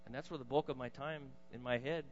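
A man preaching a sermon, swinging between loud emphatic bursts and quiet low asides. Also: fast talker, slight background noise. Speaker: pastor. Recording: dull lo-fi sound in a reverberant hall.

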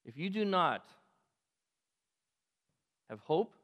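Male pastor mid-sermon, fervent, swinging between loud peaks and hushed asides, long church reverb. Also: sits high, sing-song, drawn-out words. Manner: impassioned, rising to emphatic peaks and dropping to quiet asides. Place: church sanctuary.

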